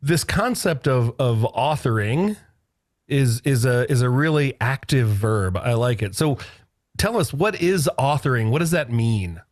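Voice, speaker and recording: A male podcast host in a casual interview, chatty and quick to laugh, on a video call. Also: medium pitch, animated, no room sound, clean studio sound.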